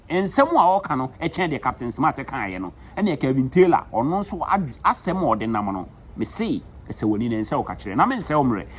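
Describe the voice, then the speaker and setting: A man's voice: medium pitch, a little hiss or hum. A Ghanaian man with a Ghanaian accent hosting a news update, mixing Twi with English words. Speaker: news show host.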